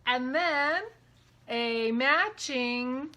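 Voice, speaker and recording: A woman hosting a casual vlog, chatty and excitable, gushing as she talks. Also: sits high, slow pace. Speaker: podcast host. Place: outdoors walking a dog, then indoors.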